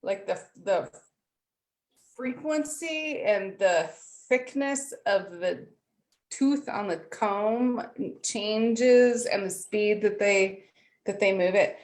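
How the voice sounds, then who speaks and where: Eager woman rambling slowly. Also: medium pitch, a little mellow. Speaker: workshop participant. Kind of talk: casual chat.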